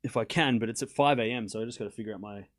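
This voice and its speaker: A man's voice: on the low side, racing. A young man hosting a live tennis watchalong, calling points and chatting casually with viewers. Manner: casual, chatty, answers chat questions between points. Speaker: host.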